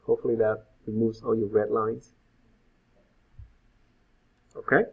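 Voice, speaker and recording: Male instructor, coding lesson, husky voice, phone-like tinny audio, casual fillers. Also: on the low side, level tone, unhurried. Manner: informal, thinks aloud with fillers. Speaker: web instructor. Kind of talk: live coding lecture. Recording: phone-like lo-fi sound.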